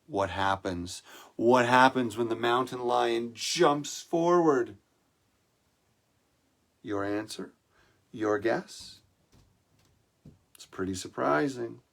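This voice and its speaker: A man telling a dramatic story to an online congregation, often pausing to ask the audience questions. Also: mid-range voice, vocal fry. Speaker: spiritual teacher.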